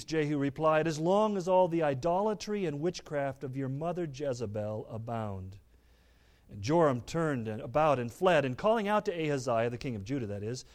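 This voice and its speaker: Guy preaching from the bible, voice sits kinda high, gets loud and dramatic on the quotes. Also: expressive, normal speed. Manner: dramatic reading, rising loud on quoted lines. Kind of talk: sermon, reading scripture aloud with commentary.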